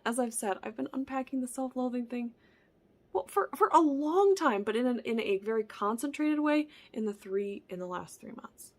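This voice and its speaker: A woman vlogger talking in an earnest, reflective personal monologue, often sinking into a soft whisper and circling back over her own phrases. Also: on the high side, animated, moderate pace. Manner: repeats and restarts phrases. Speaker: wellness vlogger.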